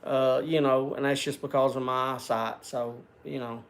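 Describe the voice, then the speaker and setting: An older man hosts a livestream, chatting casually with viewers in a rambling, folksy, self-deprecating way. His voice is medium-pitched and level, at a moderate pace.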